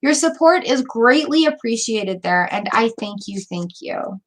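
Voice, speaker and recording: A woman's voice: a little high, lively intonation, a little slow. Encouraging woman reading tarot live. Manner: warm, encouraging, repeats words, many fillers. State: hiccups. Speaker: tarot reader. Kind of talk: live stream card reading.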